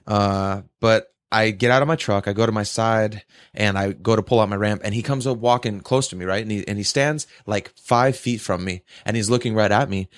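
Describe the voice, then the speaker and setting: A man's voice: fairly low pitch, dry recording. A man telling a long, profane story in a rambling casual way, often tagging "right?" onto his sentences. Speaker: podcast co-host telling a story.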